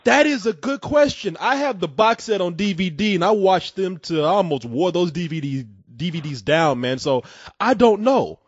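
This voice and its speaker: A man hosting a casual call-in show, an excitable storyteller who acts out scenes with loud bursts. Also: high voice, moderate pace, slightly rough, dry recording, highs cut off.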